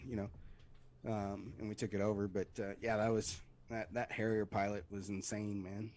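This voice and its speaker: The middle-aged veteran speaks in a lowish voice at normal speed, with a bit of hiss or hum present. As a podcast guest he tells casual stories, animatedly acting out voices and sounds.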